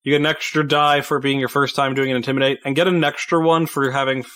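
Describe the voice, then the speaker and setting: A man running a tabletop role-playing game as game master, chatty and quick with frequent laughter. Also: mid-range voice, little pitch movement, a bit bright.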